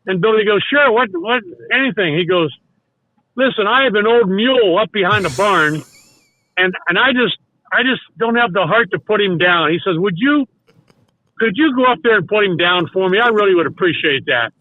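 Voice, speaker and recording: An older man spins a long rambling story, stopping to restart and acting out what others said. His voice sits high. The sound is dry and tinny, like a phone call. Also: animated, moderate pace, dry recording. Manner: rambling anecdotes full of restarts and acted-out quotes. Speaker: guest, former baseball coach. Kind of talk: casual storytelling.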